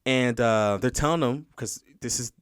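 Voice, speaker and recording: A man's voice: mid-range voice, normal speed, clear, resonant tone, no room sound, clean studio sound. A man hosting a casual podcast conversation, telling a story with many restarts and quoting other people's voices as he goes. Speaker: podcast host.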